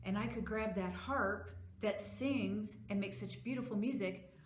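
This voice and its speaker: A woman voicing a young boy, Jack, thinking his sneaky, hopeful plan in a hushed way. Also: medium pitch, a little slow, a little hiss or hum, lightly acted. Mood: scheming. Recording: echoey room.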